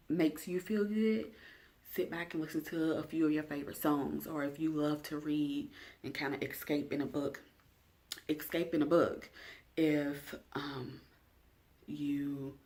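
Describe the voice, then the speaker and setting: A woman's voice: low-pitched, darkish tone. A young adult woman vlogger talking straight to camera in a casual self-care check-in, chatty and direct, asking her viewers questions.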